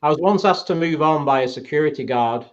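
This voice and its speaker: A man's voice: a little high, quick pace, slight background noise. Wry rambling male guest on dull audio. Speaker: podcast guest. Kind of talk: casual chat.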